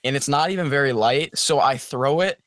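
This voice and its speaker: A man's voice: mid-range voice, moderate pace, fairly bright tone, dry recording. A man in a casual chat with friends, telling a story in a blunt, crude, joking way. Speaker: podcast co-host.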